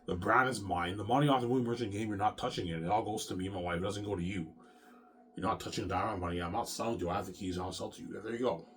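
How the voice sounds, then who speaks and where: Guy ranting at his viewers, lowish voice, keeps repeating himself and swearing, little bit of hiss behind. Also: rapid-fire. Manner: agitated, repetitive, swears. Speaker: self-published author and vlogger. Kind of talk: rambling monologue to viewers.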